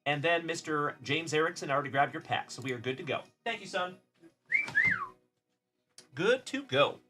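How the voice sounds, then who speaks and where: A man's voice: fairly high pitch, expressive, normal speed, over loud music. A middle-aged man from South Texas hosting a casual card-breaking livestream, chatty and upbeat, greeting viewers by name.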